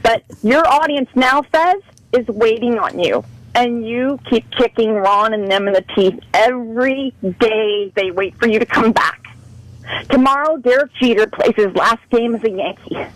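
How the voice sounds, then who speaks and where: A woman's voice: on the high side, a little slow, no room sound, low-quality recording. A woman calling in to a radio show, talking in an impassioned, pleading, profane rant. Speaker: caller.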